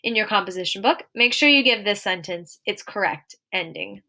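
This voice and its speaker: This young woman teaches young kids in a recorded lesson, her mid-range voice animated and sharp. She keeps things clear and encouraging, slowing down whenever she reads an example sentence aloud.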